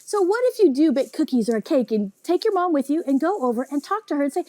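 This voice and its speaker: A woman teaching a children's Bible lesson, animated and often asking the kids questions. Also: sits high, fast talker, few pauses, no echo.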